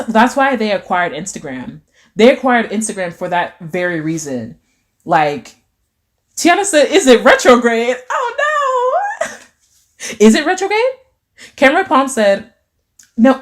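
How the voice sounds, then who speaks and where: Brief: young woman, casual livestream host, lively swooping pitch, playful reactions, heavy "like" filler. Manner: animated, playful, lots of filler "like", sudden squeals. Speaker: livestream host reading chat.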